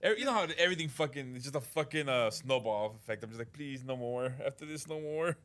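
A man's voice: medium pitch, animated, fast, a bit bright. A man co-hosting a casual podcast who tells stories with acted-out quotes, swears freely and laughs often. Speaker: podcast co-host.

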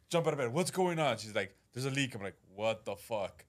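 A man chatting on a podcast, telling a story and acting out what people said. He swears freely and laughs often, with a voice of ordinary pitch for a man. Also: quick pace, few pauses. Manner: swears freely, tells stories with acted-out quotes. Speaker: podcast co-host. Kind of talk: casual podcast chat.

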